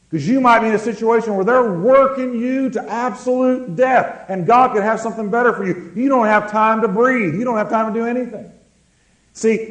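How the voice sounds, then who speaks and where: A man preaching a sermon, calling on the congregation to answer and slowing down to stress words. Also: high voice, roomy sound, rough recording. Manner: preaching with call-and-response, slowing words for emphasis. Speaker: pastor.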